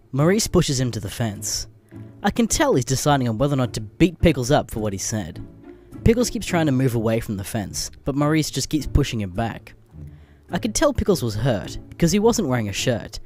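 A man narrating comedic internet stories with crude, deadpan asides, a little under the weather. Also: medium pitch. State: a bit sick.

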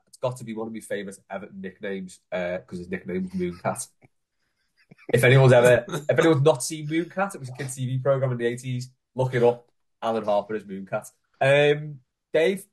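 A man's voice: medium pitch, animated, a little fast. A man hosting a casual football fan podcast, chatty and passing the floor to his co-hosts. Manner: chatty, hands the floor to the others. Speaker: podcast host. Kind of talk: casual chat.

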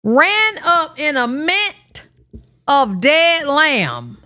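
Woman, reaction host, incredulous, giggly, high bright voice, slow delivery. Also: big pitch swings. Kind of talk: laughing reaction commentary.

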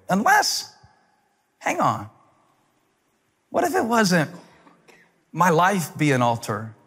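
A man in his forties preaching a sermon as a pastor, telling stories with humor and building up to shouted climaxes. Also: medium pitch, big-room sound. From United States. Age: 40s.

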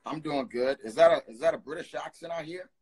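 A young man in his twenties hosting a phone live stream, chatting casually and teasing his callers with quick banter. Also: a little high, darkish tone, slight background noise. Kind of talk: casual live video chat.

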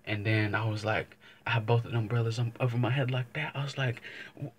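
A man's voice: medium pitch, flat delivery, fast talker, slightly rough. A young man vlogging, telling a casual story to camera, rambling and swearing, often circling back with "but anyways.". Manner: rambling, profane, keeps saying "but anyways".

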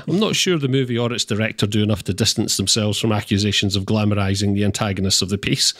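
Male podcast co-host, articulate and wry, lower voice, dry recording. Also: no room sound. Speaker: podcast co-host, film reviewer. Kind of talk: podcast film review.

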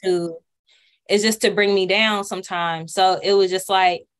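A young woman speaks earnestly at a community panel about running her catering business. She talks candidly and stumbles into restarts as she gathers her thoughts. Her voice sits at an ordinary middle pitch for a woman. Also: steady tone, measured pace. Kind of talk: panel discussion storytelling. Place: community workshop room.

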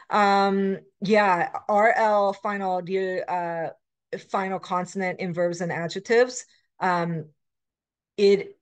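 In a recorded lecture, a middle-aged woman teaching language explains grammar patterns with a medium-pitched voice, full of fillers and self-corrections. Between explanations she reads example words aloud, moving back and forth between English and Korean.

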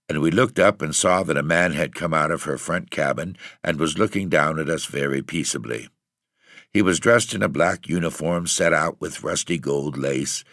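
A man reading a ghost story aloud in a steady, measured way. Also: very deep voice, dry recording, clean studio sound. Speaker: audiobook reader.

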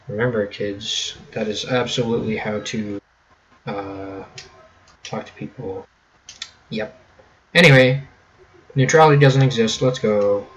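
A man's voice: fairly low pitch, unhurried, pauses often, lo-fi sound. A young man giving casual, jokey gameplay commentary with sarcastic running gags. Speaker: let's play host.

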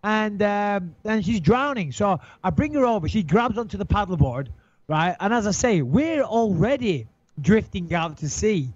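Animated man telling a wild story. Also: high voice, moderate pace, no room sound. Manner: animated, swears a lot, acts out his own panicked thoughts. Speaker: interview guest. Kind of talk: casual storytelling. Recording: dull, dry recording.

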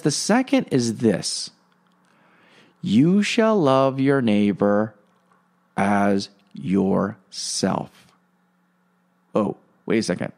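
A man's voice: vocal fry, a little mellow. A man hosting a Catholic podcast, talking in a rambling, casual way with many fillers and reflecting on faith. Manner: rambling, many fillers, swings pitch up for emphasis. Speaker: podcast host and Catholic teacher. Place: Franciscan lay member.

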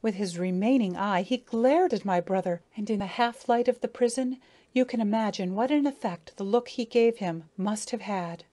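A woman voicing a grieving, self-important female dragonfly who tells her tale slowly, mournfully and dramatically. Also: medium pitch, warm tone, close to an everyday voice. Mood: grave dramatic. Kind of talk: audiobook character reading.

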